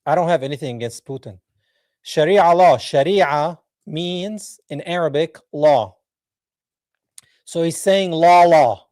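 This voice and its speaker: Male podcast host, mocking reaction talk, unhurried delivery, dry close sound. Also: on the high side, darkish tone, dry recording. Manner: mocking, sarcastic, laughs at clips. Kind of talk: live reaction commentary.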